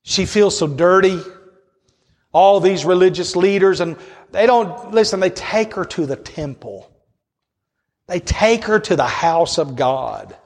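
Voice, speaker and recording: A man preaching with a high, ringing voice that climbs into passionate cries and sinks into hushed retelling. His words trail off into the long reverb of a big hall. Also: expressive, a little slow. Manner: impassioned, swings between soaring high cries and low hushed storytelling. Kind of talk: sermon.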